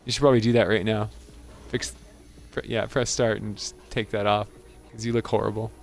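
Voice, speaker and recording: A man's voice: lowish voice, flat delivery, a little fast, gravelly, faint music behind. A man hosting a gaming channel, giving casual gameplay commentary in an amused, chatty way and laughing often.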